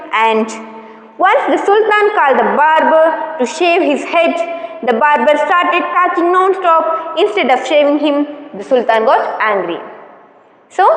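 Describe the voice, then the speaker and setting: A woman with an Indian English accent teaches an English lesson, explaining a story line by line and checking that her pupils follow. Her voice is high and animated. The recording rings with a long echo from a large room. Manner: repetitive, checks understanding. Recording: echoey hall.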